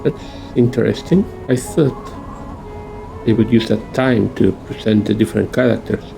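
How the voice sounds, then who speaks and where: A man's voice: fairly low pitch, steady tone, normal speed, vocal fry, music in the background. A man hosting a game playthrough, commenting in a musing, playful way. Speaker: gaming channel host. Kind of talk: let's-play commentary.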